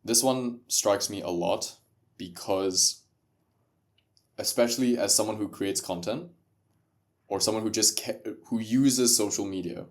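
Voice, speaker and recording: A man's voice: lowish voice, unhurried, long pauses. Emphatic podcast guest man. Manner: emphatic, rhetorical questions, laughs often. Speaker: podcast guest, entrepreneur and content creator. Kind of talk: casual podcast conversation.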